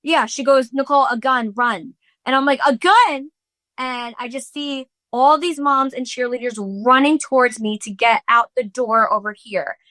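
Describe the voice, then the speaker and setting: Bright-voiced woman telling a frantic story. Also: high voice, steady tone, moderate pace, hardly any pauses, dry recording. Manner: breathless, swearing, fillers, re-enacting quotes. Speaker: podcast host. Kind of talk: casual storytelling chat.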